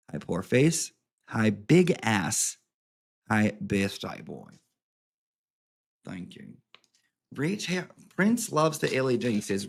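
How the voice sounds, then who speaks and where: Rambling, gravelly-voiced man vlogging. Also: medium pitch. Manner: rambling, profane, jokey. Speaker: host. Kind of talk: casual vlog chat and reading. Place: home.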